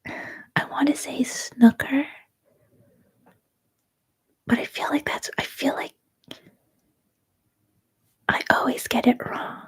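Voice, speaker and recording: A Canadian woman in her thirties, whispering a soft-spoken, rambling ASMR livestream chat. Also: high voice, steady tone, takes it slowly, pauses often. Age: 30s. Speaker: ASMR streamer.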